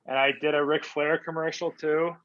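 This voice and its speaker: A man's voice: on the high side, little pitch movement, normal speed, a bit bright. A man, a former hockey player, telling stories in a casual interview, laid-back and rambling with lots of fillers. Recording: dull lo-fi remote audio.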